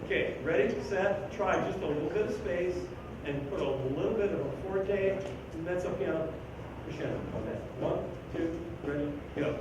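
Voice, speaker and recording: A man leading a school band rehearsal, giving animated, joking instructions and singing rhythms aloud to show phrasing. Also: high-pitched, normal speed, hardly any pauses, lo-fi sound. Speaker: band clinician conducting a rehearsal. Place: school band room, indoors. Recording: very echoey room from far off with background noise.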